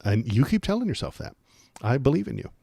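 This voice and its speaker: A man's voice: mid-range voice, sing-song, fast talker, vocal fry, mellow, breathy edge, no room sound. A man hosting a political livestream, talking casually with a sarcastic, rambling, jokey manner.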